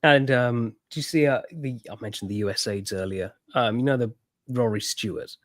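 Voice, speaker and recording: A man's voice: medium pitch, normal speed, dry recording, clean studio sound. A man in casual podcast chat, agreeable and chuckling often. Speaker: podcast co-host.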